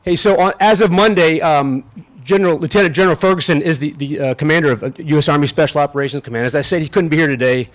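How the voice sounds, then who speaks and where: Folksy general giving a field speech. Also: male voice, fairly high pitch. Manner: folksy, self-deprecating, halting with restarts. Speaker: general officer speaking at a ceremony. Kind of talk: ceremonial speech with humor. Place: outdoors on a field.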